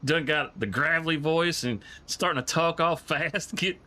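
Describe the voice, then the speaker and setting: A man, hosting a live stream and chatting casually in halting, rambling sentences. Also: on the high side, bright, forceful tone. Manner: rambling, halting, with many restarts. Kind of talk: casual chat.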